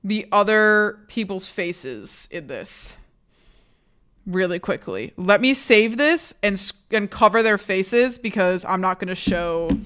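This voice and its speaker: Young female streamer, sick and hoarse, casual and blunt, swears freely, restarts sentences a lot. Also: medium pitch. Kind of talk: casual chat reading a live chat.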